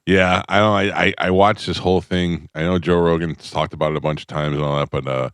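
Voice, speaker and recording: Brief: low-voiced male radio host, rambling storyteller, dry studio sound. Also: steady tone, a little fast, fairly bright tone, smooth, dry recording. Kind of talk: casual morning radio chat. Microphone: studio microphone.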